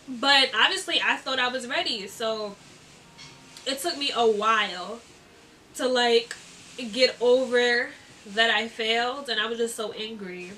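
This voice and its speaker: A young woman chats through a story in a bright, high voice, giggling and leaning on fillers. She is recorded from a little distance, with faint noise behind her. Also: slow pace, pauses often. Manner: chatty, giggly, lots of fillers. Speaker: vlogger. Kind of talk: casual storytime.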